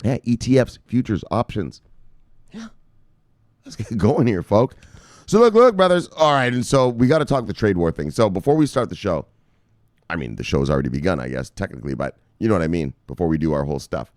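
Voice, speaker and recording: A man's voice: on the low side, very animated, fairly quick, darkish tone, no room sound, clean studio sound. A man hosting crypto news, ranting with casual profanity and lots of fillers. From United States.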